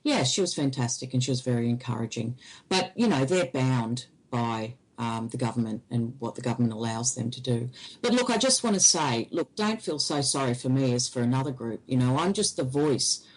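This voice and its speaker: A woman, an interview guest, recounting a personal experience in halting, hesitant speech. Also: rumbling low, rough recording.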